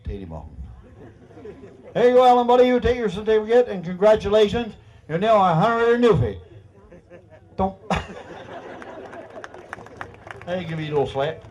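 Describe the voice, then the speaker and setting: A man's voice: sits high, very animated, normal speed, long pauses, a little mellow, dull audio, a faint crowd. A man with a Newfoundland accent, leading a ceremony with teasing, folksy banter and frequent laughter. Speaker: master of ceremonies at a screech-in.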